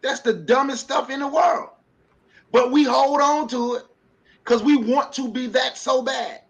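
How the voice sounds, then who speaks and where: A man's voice: extremely high pitch, steady tone, a little slow, gravelly, breathy edge. A man on a podcast livestream giving impassioned commentary, preaching with rhetorical questions. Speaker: panelist. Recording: dull lo-fi stream audio.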